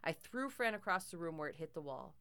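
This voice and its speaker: A woman's voice: low-pitched, sing-song, a little fast, sharp tone, clear, resonant tone. A woman narrating a first-person horror story in a tense, dramatic way.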